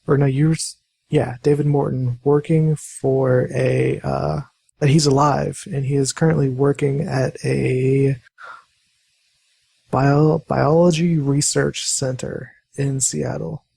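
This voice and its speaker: A man acting as game master of a tabletop role-playing game, talking in a relaxed, hesitant way with many fillers. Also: medium pitch, takes it slowly, gravelly, slightly rough, dry recording.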